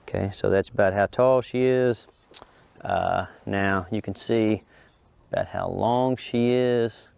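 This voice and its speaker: A middle-aged man, a dog trainer, explains to viewers and coaxes a big dog over an agility course with high, excited praise. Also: creaky. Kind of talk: instructional talk while coaching a dog.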